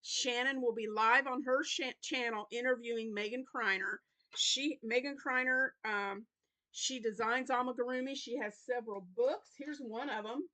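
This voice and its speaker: A woman's voice: fairly high pitch, fairly even intonation, moderate pace, bright, forceful tone. A woman hosting a crochet channel, chatting casually through her weekly plans with lots of fillers, apologizing as she yawns. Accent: Southern US. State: yawning, tired. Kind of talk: casual weekly update vlog.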